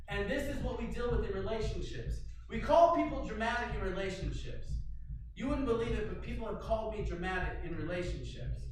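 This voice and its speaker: A man telling a personal story to an audience in animated, dramatic fashion, with sudden loud outbursts. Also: high-pitched, noisy background. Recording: very echoey room, mic far off.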